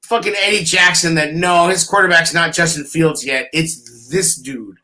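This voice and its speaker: A man co-hosting a casual sports show, talking fast and profanely and acting out players' reactions. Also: fairly high pitch, steady tone, bright, forceful tone. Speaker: podcast co-host.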